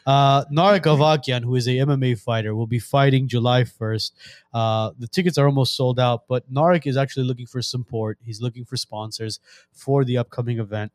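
A man's voice: medium pitch, brisk, no room sound, clean studio sound. A man hosting a podcast, upbeat and casual, making announcements with frequent "uh" fillers. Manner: upbeat, with many "uh" fillers while reading announcements. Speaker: podcast host.

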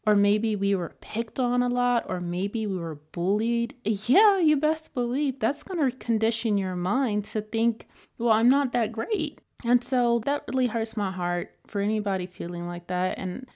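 A woman's voice: mid-range voice, a little slow, few pauses, warm tone. A woman hosting a podcast, talking through a motivational monologue in a chatty storytelling way with lots of fillers. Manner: chatty, self-help storytelling with many fillers. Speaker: podcast host.

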